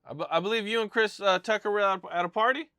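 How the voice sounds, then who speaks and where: A man hosting an interview, asking his guest measured, polite questions. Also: high voice, pushed and bright, clear, resonant tone, no room sound, studio quality. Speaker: interview host.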